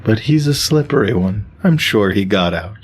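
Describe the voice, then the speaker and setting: Brief: awkward spore creature, played by a man, low husky voice, timid. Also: lively intonation, moderate pace. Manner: timid, defensive, earnest.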